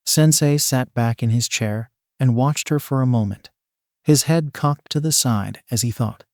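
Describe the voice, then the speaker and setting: A man's voice: medium pitch, unhurried, darkish tone, dry recording, clean studio sound. Man narrating fan fiction.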